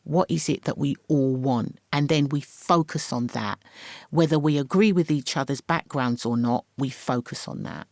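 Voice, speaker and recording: A middle-aged English woman, a podcast guest, talking in a lively, storytelling way and acting out the voices she quotes. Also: very deep voice, normal speed, dry recording, clean studio sound. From England. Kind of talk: casual interview chat.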